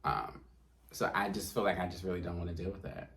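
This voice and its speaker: A man's voice: low-pitched, a little fast, vocal fry, slight background noise. A man hosting a podcast, chatting casually and telling stories, laughing often. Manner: animated storyteller, laughs often. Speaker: podcast host. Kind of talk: casual chat.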